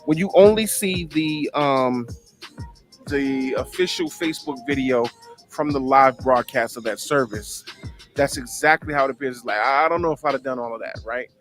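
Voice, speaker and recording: A man's voice: mid-range voice, fairly bright tone, faint music behind. A man hosting a casual talk show, explaining at length with plenty of fillers. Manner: conversational, drawn-out explaining with fillers. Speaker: host. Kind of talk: casual chat.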